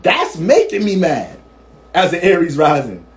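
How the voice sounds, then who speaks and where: A young man with a slightly high voice talks through astrology in loose, slangy speech. He cusses freely and laughs often as he explains. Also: wildly swooping pitch, a little slow. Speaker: astrology reader. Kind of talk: casual livestream teaching.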